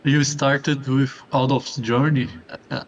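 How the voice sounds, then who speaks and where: Halting, hesitant man. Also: medium pitch, level tone, lo-fi sound, a little hiss or hum. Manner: halting, repeats words as he searches for them. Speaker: bingo league player. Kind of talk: casual post-match chat.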